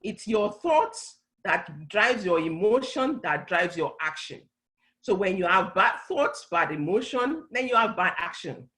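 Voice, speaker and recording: A woman's voice: mid-range voice, sing-song, unhurried, fairly bright tone, poor audio. A middle-aged woman speaking on a church talk panel, earnestly explaining and often restarting her phrases. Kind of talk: conversational teaching talk.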